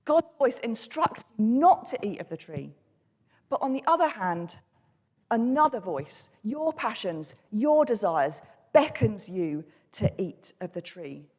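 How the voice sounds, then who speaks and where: Lively reflective British woman preaching in a hall. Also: on the high side. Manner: questioning, reflective, lively delivery. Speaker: church speaker. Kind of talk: sermon.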